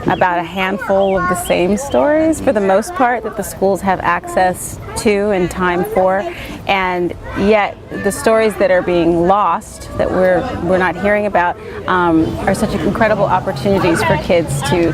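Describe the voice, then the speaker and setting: A woman's voice: on the low side, moderate pace. A woman who founded an education program, speaking earnestly in an interview. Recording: noisy crowd behind.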